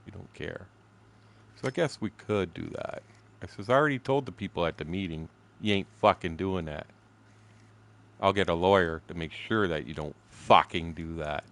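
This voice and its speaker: A man's voice: low voice, normal speed, a bit bright. A man in his sixties, a gaming streamer, telling a story in blunt, profane, casual talk. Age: 60s.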